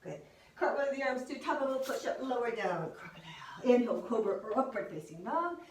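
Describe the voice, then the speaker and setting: A woman's voice: fairly high pitch, expressive, brisk. Woman workout instructor, encouraging coaching cues, recorded from a distance in a roomy space. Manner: encouraging cues, counting down, exertion whoops. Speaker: fitness instructor. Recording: echoey room, voice from a distance.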